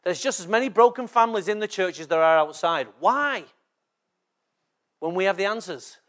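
A man's voice: high-pitched, expressive, normal speed, a bit bright. A man from England preaching a sermon as a pastor, often checking in with the congregation through short rhetorical questions.

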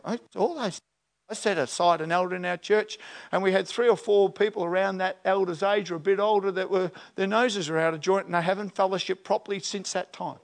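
Male pastor, slightly high voice, animated conversational sermon delivery. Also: fairly quick, gravelly. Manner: animated, acts out voices and questions.

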